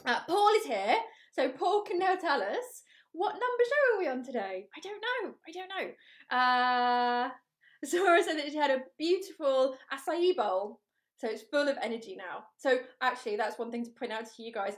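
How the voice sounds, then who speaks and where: A woman hosting a live vegan cooking show, chatting upbeat with viewers and reading out their comments. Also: high voice. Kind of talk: live cook-along chat.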